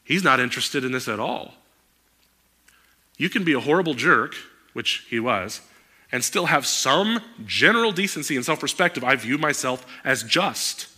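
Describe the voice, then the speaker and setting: Bright-voiced preacher man. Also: mid-range voice, normal speed, husky. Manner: animated, rising to emphatic outbursts. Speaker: pastor. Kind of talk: sermon.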